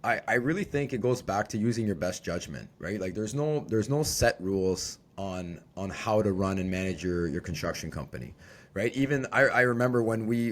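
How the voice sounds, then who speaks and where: A man in his forties who co-owns a construction company, talking bluntly and casually on a podcast, cursing freely. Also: on the low side. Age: 40s. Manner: blunt, swears freely, restarts words.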